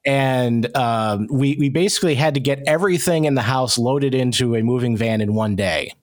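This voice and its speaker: A man's voice: mid-range voice, moderate pace. A man hosting a podcast, chatting casually and rambling with many fillers. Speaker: podcast host. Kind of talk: casual conversation.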